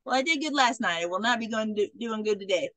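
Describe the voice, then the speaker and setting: A woman doing a gruff cowboy lawman. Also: a little high, expressive, fast talker, a bit bright, dry recording. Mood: curt.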